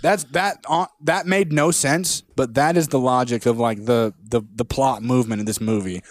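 A man's voice: mid-range voice, moderate pace, no echo, studio quality. A young man co-hosting a comedy podcast, talking in a casual, swearing, laughing riff. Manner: laughing, swearing, riffing with bits of put-on voices. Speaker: podcast co-host. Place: small room at a podcast mic. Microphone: podcast microphone.

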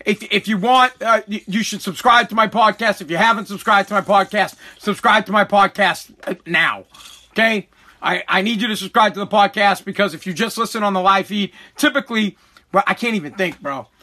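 High bright ranting man. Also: a little fast. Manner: furious, ranting, stammering restarts. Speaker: podcast host. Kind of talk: angry live-streamed podcast rant.

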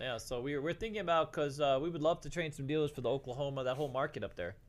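A man's voice: a little high, rapid-fire. A middle-aged man telling casual stories as a co-host on a livestream, swearing and saying "dude" a lot. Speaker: podcast co-host.

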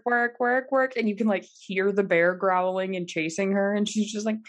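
A woman's voice: mid-range voice, fairly even intonation, fairly quick. A young woman co-hosting a podcast, chatting casually, swearing and laughing often as she tells stories. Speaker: podcast co-host.

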